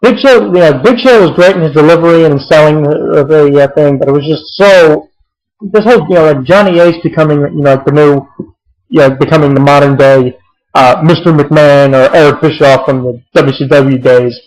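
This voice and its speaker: A man's voice: a little high, a little fast, darkish tone, rough recording. A young man casually recapping a wrestling show, rambling with many fillers and restarts and swearing freely.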